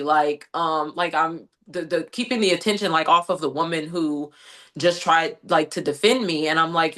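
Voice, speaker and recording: A young adult woman from the United States, an interview guest who tells her story in an animated way and keeps quoting her own thoughts. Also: fairly low pitch, moderate pace. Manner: animated storytelling, frequent "like" and quoted inner thoughts. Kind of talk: conversational interview recounting an incident.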